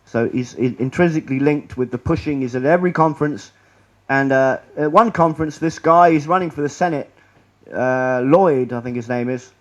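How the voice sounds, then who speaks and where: Heard through a muffled recording, a medium-pitched man addresses a lecture-room audience at a normal pace. He keeps restarting sentences during a meandering, sarcastic talk.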